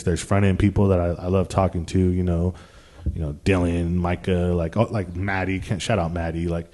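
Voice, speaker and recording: A man's voice: sits low, mellow. A young man telling a story to his viewers in a casual, rambling way, swearing a lot and using plenty of slang. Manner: profane, slangy and rambling, with frequent restarts. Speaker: vlogger.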